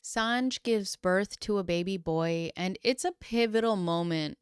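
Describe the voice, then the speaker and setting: Woman, casual true-crime recap, smooth clear voice, dry close sound, dramatic playful storytelling. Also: medium pitch, a little slow, few pauses, no echo. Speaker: YouTube commentator.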